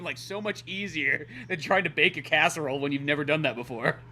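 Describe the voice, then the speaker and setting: A man's voice: fairly high pitch, fairly quick, hardly any pauses, a little hiss or hum. A man co-hosting a podcast, riffing animatedly on an old movie with lots of swearing and laughter. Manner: animated, profane, laughs often. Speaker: podcast co-host. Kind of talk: casual movie discussion.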